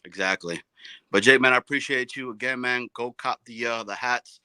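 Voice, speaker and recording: A man's voice: mid-range voice, moderate pace, sharp tone, smooth, no room sound, low-quality recording. A man calling into a sports show, talking laid-back with street slang and stumbling over words. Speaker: caller. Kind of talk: casual call-in chat.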